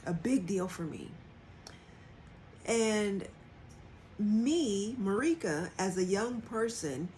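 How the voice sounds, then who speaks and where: A woman's voice: mid-range voice, darkish tone, a little hiss or hum. A woman hosting a livestream, talking candidly and casually about her own experience, and acting out quoted dialogue in changed voices. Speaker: livestream host. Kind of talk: casual personal reflection.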